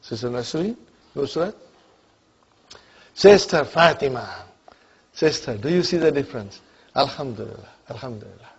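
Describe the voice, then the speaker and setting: A man's voice: mid-range voice, animated, moderate pace, vocal fry, pauses often, breathy edge, highs cut off. A man teaching an Arabic grammar class, often asking whether students follow and calling on them by name. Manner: checks understanding often, calls on students by name.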